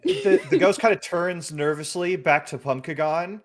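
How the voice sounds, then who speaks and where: A woman narrating as game master of a tabletop game, in a relaxed and unhurried way. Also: fairly low pitch.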